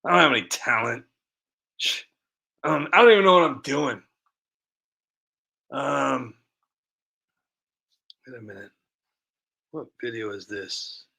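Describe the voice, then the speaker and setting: A man's voice: medium pitch, animated, measured pace, vocal fry, pauses often, sharp tone. A man doing a rambling, self-mocking comic monologue as a content creator. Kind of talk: comedic monologue. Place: cardboard box used as an office.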